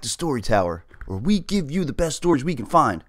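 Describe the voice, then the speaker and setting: A man hosting and reading a children's story aloud in a lively, expressive way. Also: medium pitch, brisk, no echo, clean studio sound. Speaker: storybook reader and host.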